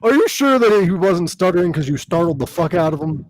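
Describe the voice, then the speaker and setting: A man co-hosting a casual podcast, telling stories in an animated, profane way. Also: sits high, fairly quick, low-quality recording. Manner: animated, profane, laughs often. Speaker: podcast co-host. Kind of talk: casual chat, storytelling.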